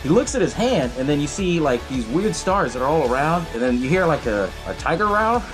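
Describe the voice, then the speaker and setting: A man's voice: on the high side, big pitch swings, brisk, over music, poor audio. A man hosting a podcast, recapping a movie in a loose, profane way and laughing often. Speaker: podcast host.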